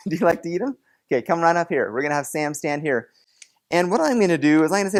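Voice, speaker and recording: A man's voice: on the high side, animated, quick pace. A man leading a playful object lesson for students in a classroom, coaxing and joking with volunteers. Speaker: teacher.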